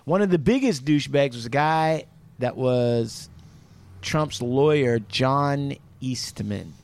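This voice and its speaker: A man's voice: medium pitch, slow, darkish tone. A man hosting a podcast, explaining things in a rambling, profane, casual way full of "like" and "you know". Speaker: podcast host. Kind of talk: casual chat.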